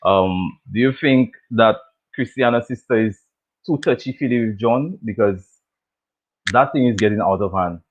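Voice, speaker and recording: A man's voice: on the low side, moderate pace. A man hosting a casual chat that recaps a TV show, talking loosely, repeating himself and laughing often. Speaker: show host. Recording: tinny phone-like audio.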